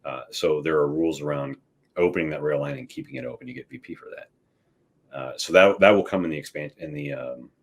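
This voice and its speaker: A man's voice: extremely low pitch, brisk, gravelly, husky. A man who designs war games, explaining at length as a guest in a casual chat, with restarts and "right?" tags.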